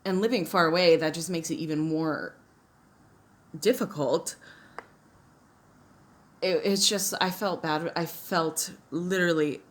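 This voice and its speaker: A woman's voice: low-pitched, a little slow, long pauses. A young woman vlogging as she does her makeup, telling a personal story in a chatty, emotional way with many fillers and restarts.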